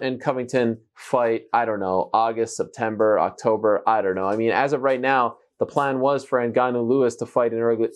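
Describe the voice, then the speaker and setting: Man on a video call, average pitch, home bedroom, analytical, keeps things on topic. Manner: steers back to topic, analytical, laughs easily. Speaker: co-host of a fight talk show. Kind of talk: casual chat over a video call. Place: spare bedroom.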